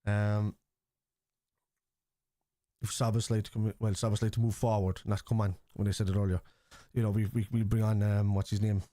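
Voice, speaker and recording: A man with a Liverpool accent hosting a football watchalong stream, rambling and reading chat messages aloud, quick to scoff at critics. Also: lowish voice, level tone, warm tone, no echo, studio quality. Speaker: live-stream watchalong host. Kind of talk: casual live-stream chat.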